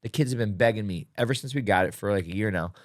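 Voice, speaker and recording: A man's voice: fairly low pitch, fast talker. A man, a teacher co-hosting a podcast, telling a story in casual chat and acting out other people's lines in raised voices.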